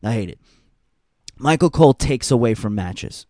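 A young man rants bluntly on his podcast, swearing freely and hammering points by repeating them. His pitch swings widely and with animation. The recording is dry and close, with no room sound. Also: animated, normal speed, mellow, dry recording. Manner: blunt, profane, emphatic repetition. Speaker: podcast host. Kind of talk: casual ranting commentary.

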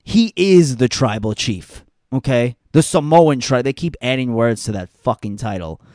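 A young man rants bluntly on his podcast, swearing freely and hammering points by repeating them. His pitch swings widely and with animation. The recording is dry and close, with no room sound. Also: animated, normal speed, darkish tone, no room sound. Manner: blunt, profane, emphatic repetition. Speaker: podcast host. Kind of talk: casual ranting commentary.

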